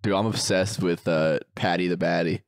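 A man's voice: deep voice, fairly even intonation, moderate pace, creaky, no room sound, clean studio sound. A man co-hosting a casual podcast, teasing the others bluntly. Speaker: podcast co-host. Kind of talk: casual chat.

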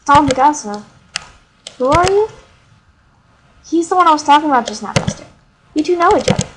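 High-voiced woman doing game commentary. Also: animated, a little fast. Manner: reads game dialogue aloud with playful asides. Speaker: let's play host. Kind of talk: casual gameplay commentary. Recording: noisy home recording.

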